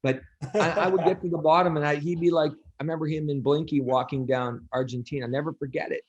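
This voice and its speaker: A man, an athletic coach, talking on a podcast, telling stories in a lively way full of fillers and restarts. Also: a little high, fast talker, muffled recording. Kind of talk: podcast conversation.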